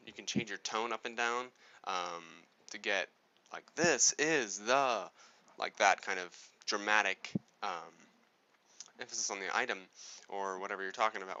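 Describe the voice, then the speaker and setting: A man's voice: on the low side, pushed and bright. A man explaining a speaking technique in a casual, rambling way, often restarting his sentences. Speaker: presenter explaining speech moods. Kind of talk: casual spoken lesson. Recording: dull lo-fi recording.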